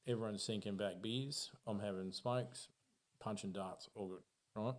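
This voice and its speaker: Australian man, podcast guest, slightly low voice, swears freely, animated storyteller, casual chat. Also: measured pace. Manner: profane, animated, acts out his own reactions.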